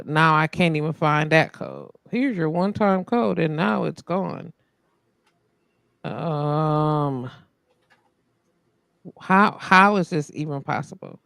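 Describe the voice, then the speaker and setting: A woman's voice: lowish voice, creaky, dry recording. A woman hosting a live stream in casual chat, muttering and venting as she fixes her tech. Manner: frustrated, muttering while fixing tech. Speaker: host.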